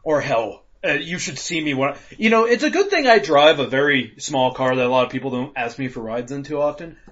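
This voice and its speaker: Animated, loud-laughing podcast host. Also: male voice, mid-range voice, brisk. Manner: animated, laughs a lot, acts out rants in loud voices. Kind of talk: casual profane chat. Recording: dull lo-fi podcast audio.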